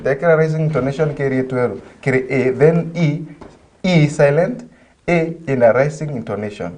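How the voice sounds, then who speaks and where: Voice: medium pitch, fairly quick, darkish tone, slight background noise. Playful TV co-presenter with stammering restarts. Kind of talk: casual studio banter.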